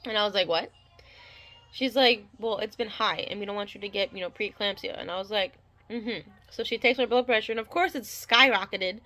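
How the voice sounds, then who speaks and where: A woman's voice: medium pitch, a little fast, pushed and bright. A young woman casually telling her birth story, rambling with many fillers and restarts and acting out the dialogue.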